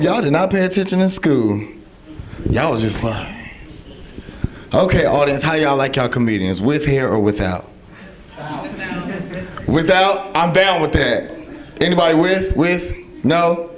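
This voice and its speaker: A young man performing a loud, profane stand-up set with crowd work on a club stage. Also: a little high, lively intonation, normal speed. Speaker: stand-up comedian. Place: comedy club stage with audience. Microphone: handheld stage mic. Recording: live club, audience laughing. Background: audience laughter.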